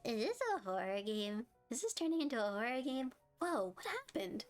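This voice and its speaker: A woman's voice: fairly high pitch, sing-song, moderate pace, soft background music. A young woman streaming a game live, chatting and giggling as she reads her chat aloud and reacts to the story.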